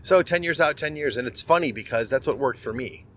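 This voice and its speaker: A man's voice: medium pitch, a little fast, a bit bright. Candid man telling his recovery story. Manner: candid, conversational, repeats words when restarting. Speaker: podcast host. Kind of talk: personal storytelling monologue.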